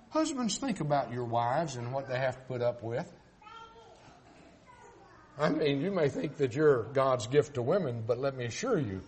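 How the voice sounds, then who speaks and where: An older man preaching a folksy sermon, joking and swinging between loud and soft. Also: high voice.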